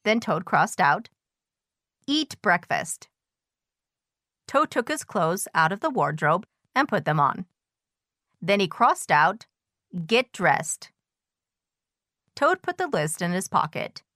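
A woman reading a children's story aloud in a gentle, measured way. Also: lowish voice, big pitch swings, no room sound, clean studio sound.

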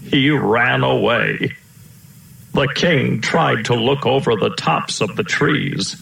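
A man narrating a children's storybook aloud in a steady, storytelling way, in a roomy-sounding recording. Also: medium pitch, takes it slowly, vocal fry. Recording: roomy echo.

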